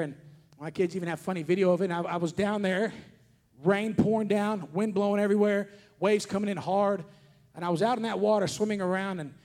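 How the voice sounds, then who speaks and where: A man preaching a sermon as a traveling preacher at a conference, talking earnestly and repetitively and rising to shouts on key points. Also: high-pitched. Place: conference hall before an audience.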